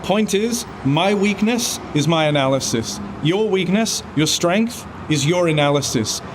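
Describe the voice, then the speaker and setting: A man with a high voice pleads earnestly with a colleague. Faint street noise sits behind him. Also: lively intonation, measured pace.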